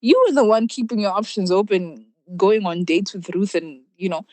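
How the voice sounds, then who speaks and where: Animated woman telling her story. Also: medium pitch, normal speed, no room sound. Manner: animated, laughs often, restarts sentences. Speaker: podcast guest. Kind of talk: candid storytelling in conversation.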